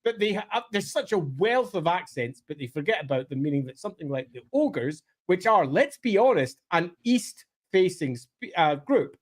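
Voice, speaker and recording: A man talking emphatically in a casual podcast discussion, his pitch swinging up and down as he makes his points. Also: big pitch swings, normal speed, few pauses. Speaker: co-host of a lore podcast.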